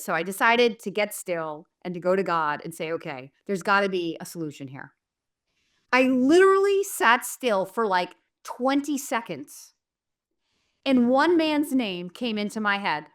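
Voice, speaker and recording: A woman's voice: medium pitch, fairly bright tone. A middle-aged woman from New England telling a story casually and animatedly, acting out the people she quotes and using many fillers. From southern New Hampshire. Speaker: manifestation coach.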